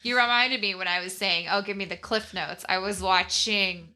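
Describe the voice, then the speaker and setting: A woman around thirty co-hosting a podcast, chatting casually with quick, teasing reactions. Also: mid-range voice, steady tone, bright, forceful tone. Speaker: podcast co-host. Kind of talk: casual chat about books.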